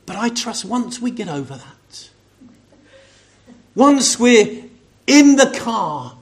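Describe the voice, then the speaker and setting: A high-pitched man gives a sermon in a chatty, conversational way. He keeps turning to his listeners with rhetorical questions and calls on people by name. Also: sing-song, slow. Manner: conversational, addressing congregation members by name. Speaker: preacher.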